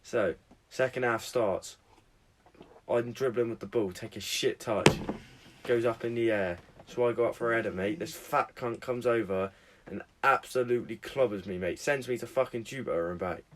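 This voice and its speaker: A man's voice: mid-range voice, normal speed, slight background noise. A man, co-hosting a podcast and telling a story in casual, sweary chat. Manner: sweary, storytelling, laughs often. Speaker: podcast co-host.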